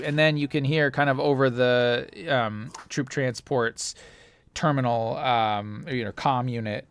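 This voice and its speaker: A man's voice: mid-range voice, a bit bright, clear, resonant tone, dry recording. A man running a tabletop role-playing game as game master, narrating with many fillers and restarts. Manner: halting, full of fillers and restarts.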